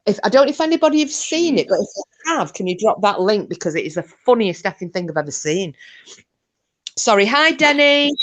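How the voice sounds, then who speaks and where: A woman's voice: mid-range voice, animated, quick pace. A woman hosting a live stream, telling stories in a chatty, frank way and swearing freely. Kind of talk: casual chat.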